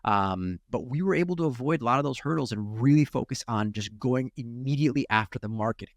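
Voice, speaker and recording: A man's voice: mid-range voice, lively intonation, a little fast, no room sound. A man in his thirties from Ukraine with a Chicago accent, a startup chief talking in an interview, often restarting and adding "right?". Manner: lots of restarts and "right?" tags. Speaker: startup CEO guest. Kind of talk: interview conversation.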